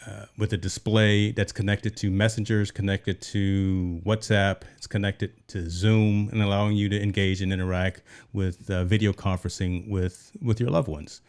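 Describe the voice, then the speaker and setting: Low-ish voiced guy hosting a tech talk show, casual and explainy. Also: level tone, normal speed, few pauses, darkish tone, clear, resonant tone. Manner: conversational, explains with repeated "right?".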